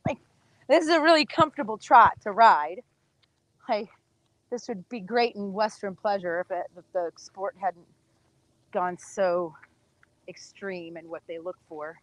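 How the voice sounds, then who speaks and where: A woman's voice: medium pitch, unhurried, fairly bright tone, no echo, low-quality recording. A woman horse trainer teaching casually while she works a horse, chatting to the viewers and coaxing the horse with praise.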